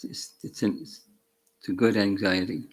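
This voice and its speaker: Slow, measured male scripture reader. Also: lowish voice, fairly even intonation. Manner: slow, measured reading with fervent emphasis on key words. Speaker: spiritual teacher. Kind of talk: scripture reading with commentary. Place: temple class room.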